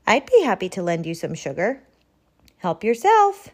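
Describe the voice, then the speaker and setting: A woman voicing a kind, generous female porcupine in a storybook, in a bright, friendly, lilting voice. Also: medium pitch, wildly swooping pitch, normal speed.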